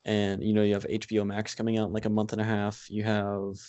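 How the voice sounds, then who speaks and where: A man's voice: lowish voice, completely flat delivery, fast, warm tone, dry recording, lo-fi sound. Chatty man with a dry sound. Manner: loose and chatty, full of asides. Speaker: podcast co-host. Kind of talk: casual chat.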